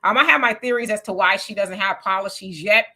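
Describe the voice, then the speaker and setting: A woman's voice: medium pitch, a little fast, sharp tone. A woman, casually co-hosting a livestream and reading viewer comments aloud with sassy asides.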